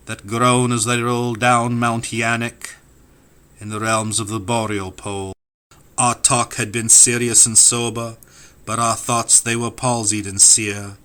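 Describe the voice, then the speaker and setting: Slow, bright-voiced man reading poetry. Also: mid-range voice, smooth. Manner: rhythmic, incantatory delivery with sweeping rises and falls. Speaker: audiobook reader.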